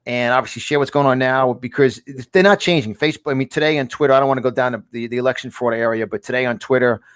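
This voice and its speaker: Dry-sounding excitable man hosting a podcast. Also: mid-range voice, fast, clean tone, no echo. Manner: excitable, repeats and restarts words. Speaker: podcast host. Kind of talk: casual talk show chat.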